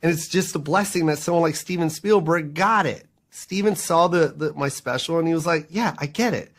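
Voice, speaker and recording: A middle-aged man, a guest in a casual interview, telling stories in an animated, quick way and laughing often. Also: a little high. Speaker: interview guest, comedian and filmmaker.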